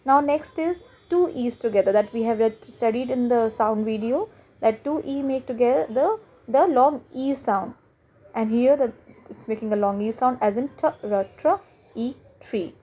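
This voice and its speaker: A woman's voice: fairly high pitch, dark tone. Woman patiently teaching phonics. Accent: Indian English. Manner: explains step by step, repeats example words slowly with hesitant fillers. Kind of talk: online lesson explaining spelling sounds.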